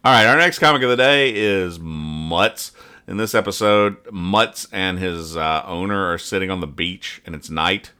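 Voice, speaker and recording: Bright-voiced joking male podcast host. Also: low voice, unhurried, clean tone. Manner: jokey, trailing off, reads comic lines in silly voices. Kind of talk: casual comedic comic-strip reading.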